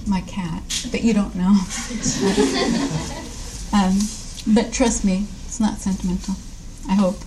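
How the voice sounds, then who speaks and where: A woman's voice: mid-range voice, fairly even intonation, normal speed, hardly any pauses, very noisy. Woman author, wry and hesitant. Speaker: author reading her story. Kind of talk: live reading with wry asides.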